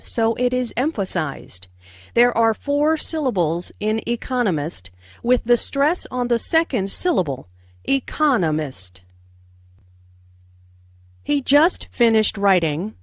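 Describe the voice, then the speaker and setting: A woman narrating language notes in slow, carefully enunciated scripted explanations. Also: a little high, dry recording, studio quality.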